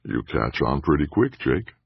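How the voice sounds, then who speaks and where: A man's voice: extremely low pitch, big pitch swings, normal speed, vocal fry, husky, no room sound, lo-fi sound, exaggerated voice. A man voicing a slick, breezy male PR director who talks in a glib, joking way.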